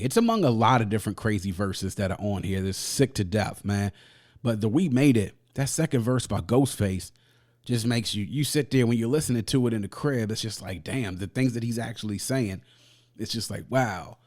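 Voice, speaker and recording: A man hosting a music review podcast, talking in a casual, slangy, animated way and laughing often. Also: mid-range voice.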